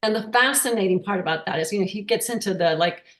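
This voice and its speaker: Over a video call, a woman at a workshop shares an emotional personal story as a casual testimonial. Her middle-pitched voice has a noticeable roomy echo, and she halts, stumbles and restarts often while searching for words.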